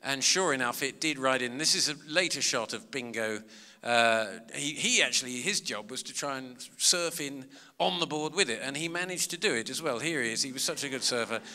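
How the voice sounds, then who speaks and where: A man's voice: medium pitch, animated, fairly quick, bright, forceful tone. A man, a comedian and author, telling chatty, self-mocking anecdotes to a live audience. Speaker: comedian and author giving a talk. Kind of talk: storytelling talk to a live audience. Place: large public hall. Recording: long hall reverb.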